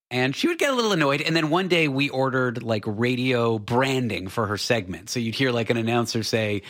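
Man, forties, from Canada, radio co-host, self-deprecating, bright tone. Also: medium pitch, big pitch swings, fast, hardly any pauses. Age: 40s. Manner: chatty, self-deprecating storyteller. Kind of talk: casual radio chat.

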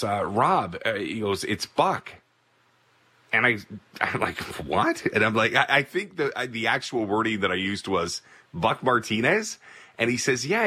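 A man in his thirties, a baseball broadcaster, telling a personal story in a casual, animated way. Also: fairly low pitch. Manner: animated, energetic anecdote telling.

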